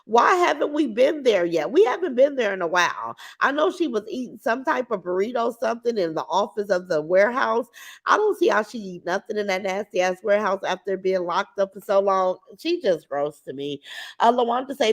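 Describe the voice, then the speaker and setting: A woman's voice: mid-range voice, sing-song, normal speed. A woman hosting a casual livestream from her couch at home, talking to her chat through her computer in a brash, outspoken, boastful way. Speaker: livestream host reading chat. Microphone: computer mic.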